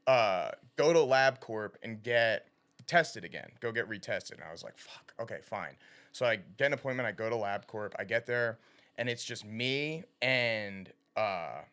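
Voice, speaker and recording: A young man co-hosting a podcast, telling a long story in casual chat, animated and swearing, laughing at his own punchlines. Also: fairly low pitch, moderate pace, clear, resonant tone. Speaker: podcast co-host. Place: recording studio.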